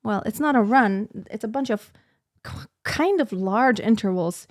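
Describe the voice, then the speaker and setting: A lyric coloratura soprano talks through her practice of an aria, picking apart her own phrasing. Her speaking voice sits a little high for a woman. She critiques herself as she works and slips into short sung demonstrations. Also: animated, a little slow, no echo, studio quality. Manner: self-critical, breaks into sung demos. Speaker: singing teacher practicing an aria. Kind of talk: thinking-aloud practice commentary.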